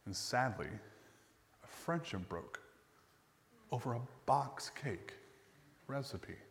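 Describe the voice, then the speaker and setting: A male pastor preaching a sermon, telling a personal story in a conversational way and letting phrase ends fall quiet and slow. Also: lowish voice, expressive, big-room sound. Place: church sanctuary.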